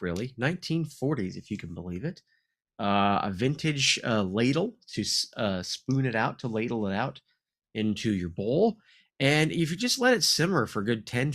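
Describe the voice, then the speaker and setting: A man's voice: medium pitch, fairly bright tone. A man co-hosting a podcast in casual comedic chat, rambling and laughing often. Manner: goofy, rambling, laughs a lot. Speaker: podcast co-host.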